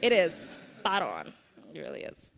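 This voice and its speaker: A woman's voice: fairly low pitch, wildly swooping pitch, unhurried, gravelly, a bit bright. A woman giving a conference keynote in an earnest, conversational way, with casual asides to the audience. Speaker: conference speaker. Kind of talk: keynote talk.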